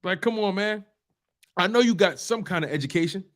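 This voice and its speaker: A man's voice: sits high, animated, a little fast, a bit bright. A man hosting a live-streamed football show, talking in an emphatic, repetitive trash-talk style full of slang. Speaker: sports show host.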